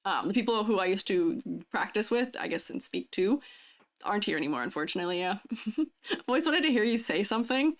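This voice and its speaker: A woman's voice: mid-range voice, animated, brisk. A woman streaming live, chatting casually and reading out chat messages, laughing often between lines. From United States. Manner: giggly, chatty, answers chat messages aloud.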